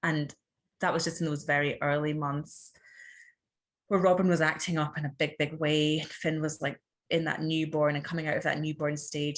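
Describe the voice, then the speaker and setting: A Scottish woman in her thirties, a podcast guest talking candidly and animatedly, full of fillers and quoted asides. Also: low-pitched. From Scotland. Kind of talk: candid conversational interview.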